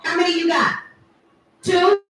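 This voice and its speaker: A woman's voice: extremely high pitch, steady tone, unhurried, a bit bright, slight background noise. A woman in her thirties doing a playful stand-up comedy set with teasing crowd work at a live event. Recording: echoey room, from far off.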